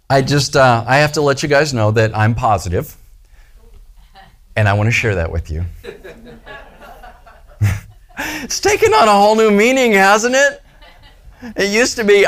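A man's voice: on the high side, a bit bright. A man preaching a casual, playful sermon to a small church gathering, often acting out the voices he quotes. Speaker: pastor.

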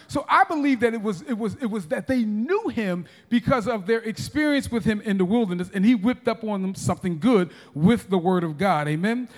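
A man's voice: high voice, lively intonation, a little fast, hardly any pauses. A man in his forties preaching a sermon as pastor, emphatic, with frequent restarts and calls to the congregation. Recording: long reverb of a large hall.

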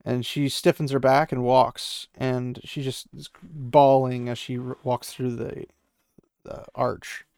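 A man's voice: mid-range voice, flat delivery, slow, creaky, darkish tone, clear, resonant tone, no room sound, clean studio sound. A man casually retelling a fantasy novel, rambling and slipping into the characters' voices, with opinionated asides. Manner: rambling, acts out the characters' quotes loosely. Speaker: book recapper.

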